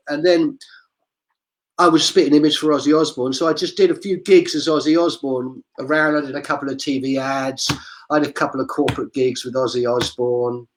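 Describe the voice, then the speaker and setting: A man's voice: mid-range voice, fairly even intonation, a little fast, rough recording. Chatty man telling rambling stories. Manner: chatty, digressive storyteller. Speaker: street performer guest. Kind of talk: casual video-call interview. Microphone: video call.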